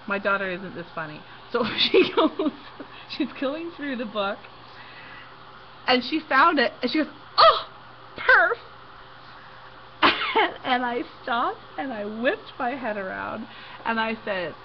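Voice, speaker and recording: A middle-aged woman hosting a casual craft livestream, giggling often as she tells a story while she works. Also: fairly high pitch. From Canada. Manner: giggly, animated storyteller who laughs often. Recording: dull lo-fi stream audio with faint noise.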